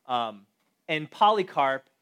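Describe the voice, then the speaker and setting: Guy preaching a sermon, kinda high voice, chatty and animated, keeps asking the crowd stuff. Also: slow pace, clear, resonant tone. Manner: conversational, animated, addresses the audience directly. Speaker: pastor.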